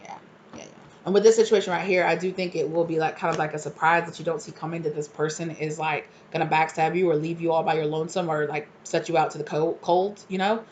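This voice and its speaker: A woman's voice: fairly low pitch, steady tone, fast talker. A woman giving a casual tarot reading, chatting freely and acting out the people she describes in exasperated voices. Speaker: tarot reader.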